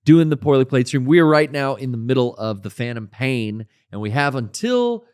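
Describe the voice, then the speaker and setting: A man's voice: mid-range voice, expressive, moderate pace, a little mellow, clean tone. A man co-hosting a podcast, teasing and wisecracking in casual chat. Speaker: podcast co-host.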